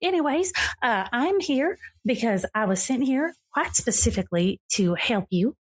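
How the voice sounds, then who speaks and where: A woman's voice: fairly high pitch, animated, normal speed, voice pushed up. A woman voicing a tall, whimsical fey lady who gushes, apologizes and rambles off track. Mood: rambling. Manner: gushing, apologetic, rambling and distracted.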